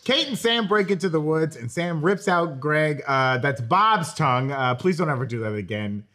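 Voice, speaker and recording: Young male host, lively voice, quick joking plot recap. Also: fairly high pitch. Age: 20s. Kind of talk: casual TV review chat.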